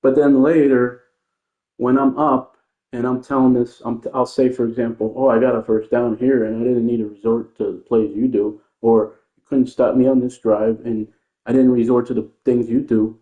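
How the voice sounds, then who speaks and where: A man's voice: mid-range voice, flat delivery, moderate pace. A man ranting casually about online opponents as a gaming streamer, rambling, defensive and repeating himself. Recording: tinny phone-like sound in an echoey room.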